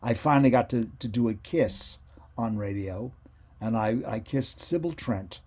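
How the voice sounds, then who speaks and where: A man's voice: on the low side, unhurried, darkish tone. An older man, a former child radio actor, telling meandering stories as an interview guest on a video call, often correcting himself. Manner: meandering, self-correcting storyteller. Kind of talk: casual reminiscing interview.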